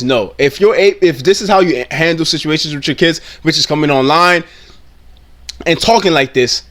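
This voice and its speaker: A man's voice: on the high side, moderate pace, a bit bright. A man giving blunt, indignant reaction commentary, swearing freely and often repeating himself mid-sentence. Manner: repeats and restarts phrases often.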